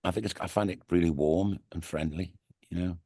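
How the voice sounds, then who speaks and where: A middle-aged man with a Liverpool accent chatting loosely in an interview. His voice sits fairly low and he rambles, leaning on "you know what I mean" again and again. The sound is close and dry, with no room around it. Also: fairly even intonation, brisk, dark tone, dry recording. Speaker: radio DJ and TV presenter, interview guest. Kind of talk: casual interview chat. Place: radio studio.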